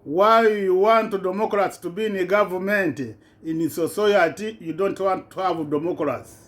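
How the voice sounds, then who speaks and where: A man's voice: high-pitched, moderate pace. A man giving an impassioned political rant in broken, non-native English, repeating himself with indignation. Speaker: vlogger.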